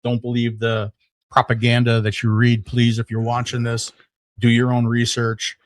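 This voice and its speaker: A middle-aged man, a podcast guest, telling a story in casual conversation, animated, with lots of fillers and restarts. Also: medium pitch, moderate pace, no room sound.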